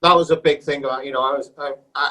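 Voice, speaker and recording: A man hosting a podcast, talking casually in a halting, rambling way. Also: medium pitch, steady tone, bright, forceful tone, rough recording. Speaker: podcast host.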